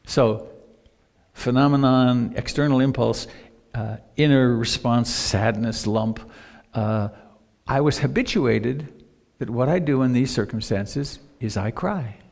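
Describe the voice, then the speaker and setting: A man in his sixties, a meditation teacher, gives a live-streamed dharma talk, reflectively sharing personal stories. His voice is slow, medium-pitched, and darkish with vocal fry, and a long hall reverb fills the recording.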